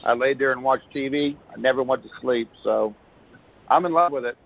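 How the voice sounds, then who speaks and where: A man's voice: medium pitch, moderate pace, vocal fry. A man giving a rambling, upbeat testimonial on a phone call, with many restarts. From Florida. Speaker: caller giving a product testimonial.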